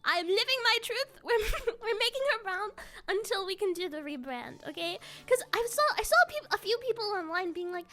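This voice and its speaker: A woman streamer chatting casually on a live stream, excitable and giggly, often repeating herself. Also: very high-pitched, normal speed. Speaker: live streamer with an avatar model.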